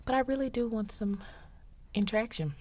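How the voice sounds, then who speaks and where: Animated woman hosting a casual podcast. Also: fairly high pitch. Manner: animated, playful, talks to listeners directly, quick tangents. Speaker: podcast host. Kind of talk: casual solo podcast chat.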